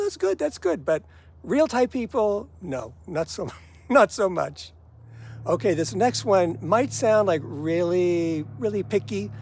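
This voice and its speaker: A man's voice: sits high, a little mellow, no room sound. An older man chatting to camera about everyday gripes, wry and easygoing, often laughing at himself. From United States. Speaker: vlogger. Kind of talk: casual talk to camera.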